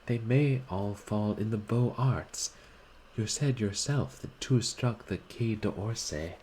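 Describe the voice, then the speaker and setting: A man's voice: on the low side, takes it slowly, warm tone, slight background noise, pitched above the performer's own voice, low-quality recording. A man reading aloud and voicing an anxious young woman who nervously pleads during a bombardment. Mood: anxious, pleading.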